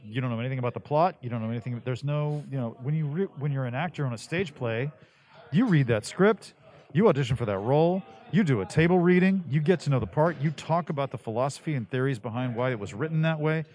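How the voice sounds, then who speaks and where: A man, a voice actor, chatting casually in an interview, loose and animated, with many restarts. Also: medium pitch, fast talker. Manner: animated, laid-back, rambling with restarts. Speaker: voice actor guest.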